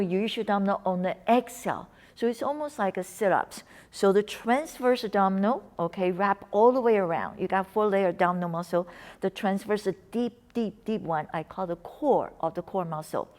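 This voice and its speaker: A woman's voice: mid-range voice, moderate pace. Woman coaching a breathing lesson. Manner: coaching, encouraging, slips into soft whispers on cues. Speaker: wellness instructor.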